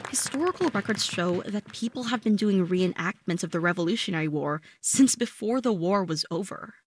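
A woman's voice: medium pitch, moderate pace, breathy edge. Woman narrating a news feature. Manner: steady, scripted storytelling delivery. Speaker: news reporter.

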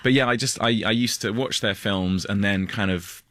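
A man from the UK, an actor talking in a casual interview, halting and laughing often. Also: on the low side, fairly bright tone. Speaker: actor guest.

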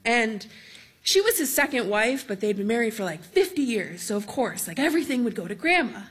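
A woman telling a true story on stage in a lively, amused, conversational way. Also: fairly high pitch, a little fast.

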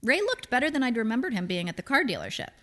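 A woman's voice: a little high, big pitch swings, quick pace, fairly bright tone. Woman reading a short story aloud, dry wry delivery, long echoey reverb. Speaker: narrator. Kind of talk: literary fiction reading.

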